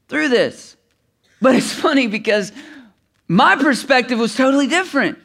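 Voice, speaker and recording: Man, middle-aged, pastor, sermon, high voice, bright tone, storytelling to emphatic preaching. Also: lively intonation, measured pace, vocal fry.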